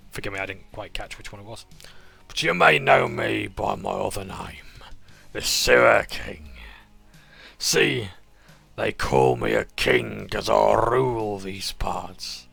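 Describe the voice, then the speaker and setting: A man voicing a menacing male crime boss who calls himself a king, with a Dudley accent and slow, swaggering threats. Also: on the low side, vocal fry, a bit bright, full character voice.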